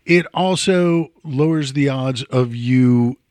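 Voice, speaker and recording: A man's voice: medium pitch, slow, darkish tone, clear, resonant tone, dry recording. A man hosting a casual talk show, reading out figures and riffing wryly. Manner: wry, conversational, reads figures then riffs. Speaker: host.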